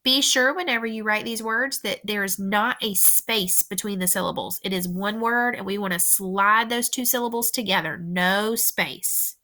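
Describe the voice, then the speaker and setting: A woman teacher slowly dictating a spelling test to young students, repeating each word with careful, deliberate instructions. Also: medium pitch, bright, forceful tone, slight background noise.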